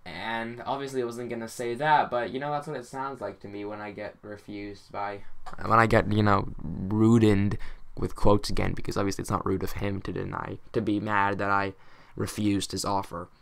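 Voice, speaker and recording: A man's voice: lowish voice, steady tone, normal speed, creaky. Hesitant, rambling young-sounding guy. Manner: rambling, hesitant, self-conscious, many restarts. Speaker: gaming YouTuber. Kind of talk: casual monologue over gameplay.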